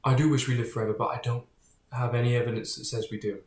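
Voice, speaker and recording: In a bare, echoey room, a male vlogger talks to camera in a casual, meandering way, wandering off topic and cursing bluntly. His voice sits mid-range, sounds a little mellow, holds a level tone, and moves fast.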